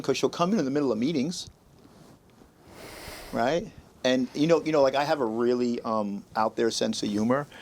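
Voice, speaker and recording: A man's voice: mid-range voice, normal speed, pauses often, a little hiss or hum. Chatty man telling stories on a podcast. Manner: animated storyteller, acts out quotes in raised voices. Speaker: podcast host. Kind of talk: casual podcast chat.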